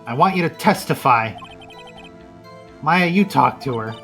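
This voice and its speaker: A woman's voice: very deep voice, expressive, measured pace, fairly bright tone, faint music behind. A woman streamer reading a lawyer's lines aloud while playing a video game, matter-of-fact.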